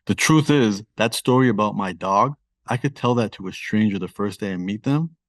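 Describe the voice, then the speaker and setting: A man's voice: lowish voice, moderate pace, dry recording, clean studio sound. A man with a Toronto accent, a guest author talking candidly and self-deprecatingly in a casual podcast interview.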